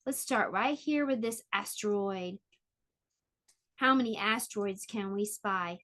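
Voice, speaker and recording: A woman teaching an online preschool lesson, speaking slowly in a sing-song way to small children. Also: medium pitch, fairly bright tone. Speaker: pre-K teacher.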